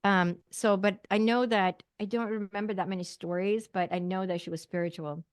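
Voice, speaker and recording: A woman's voice: mid-range voice, fairly even intonation, moderate pace, smooth, dry recording, clean studio sound. A middle-aged woman from Sweden, a podcast guest telling a personal story with lots of fillers and acted-out quoted dialogue.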